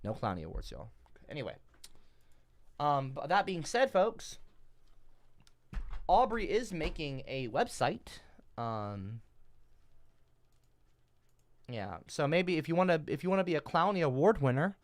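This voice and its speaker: A man's voice: on the high side, very animated, measured pace, long pauses, no room sound. A man live streaming, reading and answering his chat in a rambling, profane, exasperated rant.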